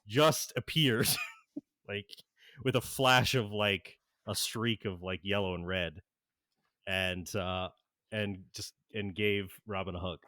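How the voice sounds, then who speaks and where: A man narrating as game master of a tabletop game, halting and full of fillers and laughs. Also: on the low side, a bit bright, no echo, clean studio sound.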